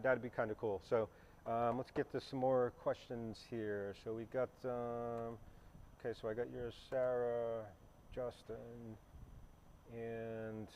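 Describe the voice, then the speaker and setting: A man's voice: medium pitch, lo-fi sound, slight background noise. A man hosting a live stream as a pilot, talking casually and rambling with asides to his viewers. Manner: conversational, rambling with fillers and asides. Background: helicopter starting up nearby.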